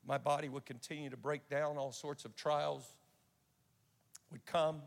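A man preaching in a church with a gravelly, slightly raised voice. He tells his story earnestly and stumbles over his own restarts. A long echo rings off the hall around him. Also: a little high, steady tone, measured pace. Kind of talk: sermon with personal storytelling. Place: church sanctuary.

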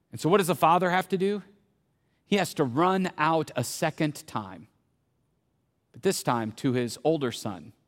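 High-voiced preacher in a reverberant hall. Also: male voice. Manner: conversational, asks the audience questions; swings between loud bursts and hushed tones. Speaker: pastor. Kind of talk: sermon.

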